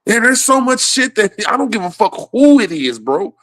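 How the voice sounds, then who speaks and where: A man's voice: very high-pitched, very animated, normal speed, fairly bright tone, dry recording. Profane rambling man, close dry sound. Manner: profane, rambling, laughs often. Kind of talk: casual political rant.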